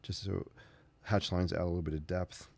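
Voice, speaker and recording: A man's voice: sits low, fairly even intonation, moderate pace, gravelly, darkish tone. A man hosting a casual painting tutorial, rambling through chatty asides as he works. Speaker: sketching channel host.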